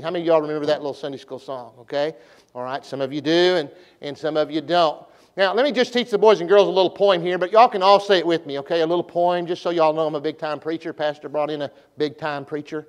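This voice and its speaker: Folksy preacher, smooth voice. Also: male voice, a little high, steady tone, quick pace. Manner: folksy, repeats himself, leads the congregation in call-and-response. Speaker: pastor. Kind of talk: revival sermon. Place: church sanctuary.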